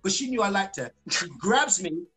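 A British singer telling stories as a guest in a casual live-stream interview, animated and full of fillers, restarts and acted-out quotes. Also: male voice, high voice, normal speed, poor audio. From Britain.

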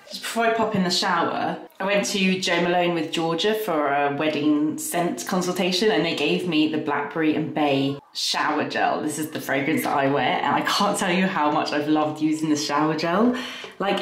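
A woman in her thirties chatting excitedly to her camera at home, her talk full of "like" fillers. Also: low voice. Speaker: lifestyle vlogger. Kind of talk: casual vlog chat to camera. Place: home, kitchen and upstairs rooms. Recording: roomy home audio with background noise.

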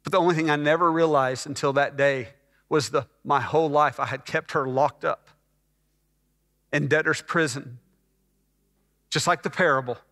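A middle-aged pastor from Texas preaching a sermon as a personal testimony, emotional and rising to fervent peaks. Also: male voice, fairly high pitch, steady tone, normal speed, long pauses, fairly bright tone. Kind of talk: sermon storytelling. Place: church sanctuary. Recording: church hall reverb.

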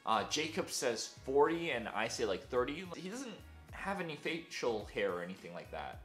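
A young man tells a story in a casual, self-deprecating way, with lots of fillers. His voice swings lively and sounds bright. The room is echoey, with faint music behind. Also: mid-range voice, normal speed. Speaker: vlogger.

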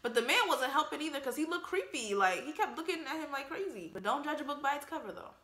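A woman hosting a casual movie reaction, talking with animated slangy asides and frequent laughter. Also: high-pitched, fast talker, roomy sound.

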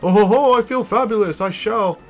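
A man's voice: sits high, moderate pace, faint music behind, pitched above the performer's own voice. A man voicing a vain, boastful male merchant in a video game playthrough, with grand and flowery delivery. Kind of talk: let's play, reading game dialogue aloud.

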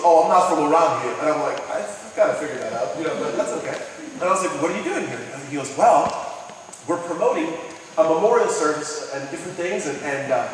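A man's voice: a little high, a little hiss or hum. A man preaching a sermon, telling stories, asking the congregation questions and acting out the people he quotes. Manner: storytelling, asks the audience questions, acts out quoted people. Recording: distant mic in an echoey hall.

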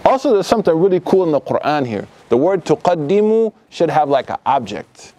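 A middle-aged man giving an informal religious lecture to youth in a mosque hall, talking in lively, casual street slang and acting out the voices of people in his stories. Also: on the high side, brisk. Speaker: lecturer at a youth study circle. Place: mosque hall, live audience.

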